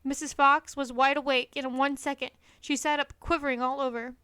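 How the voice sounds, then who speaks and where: A woman reading a children's storybook aloud in an expressive, lively manner. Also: sits high, normal speed, no echo. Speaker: storybook reader.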